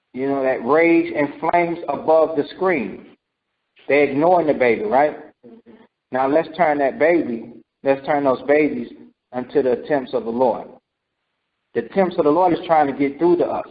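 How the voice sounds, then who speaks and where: A man teaching scripture in a sermon, repeating himself and asking "right?" and "okay?" as he goes. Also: fairly high pitch. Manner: repetitive, calls for responses with "right?" and "okay?". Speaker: teacher leading scripture study. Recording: dull lo-fi recording.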